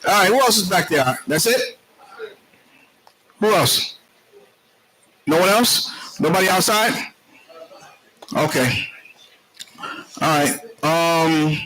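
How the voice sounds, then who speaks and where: A man's voice: on the high side, sharp tone, a little hiss or hum, low-quality recording. A man leading a congregation class, casually calling on members one by one in a jovial, teasing way and often saying hallelujah. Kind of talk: casual roll call with a congregation. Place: indoor congregation meeting room. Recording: congregation chatter in the room. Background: congregation voices.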